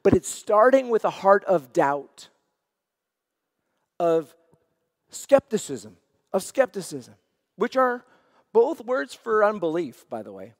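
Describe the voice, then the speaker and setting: A man's voice: high voice, big pitch swings, slow, pauses often, no echo, clean studio sound, in a large hall. A man preaching a sermon as senior pastor, earnest and repeating phrases for emphasis.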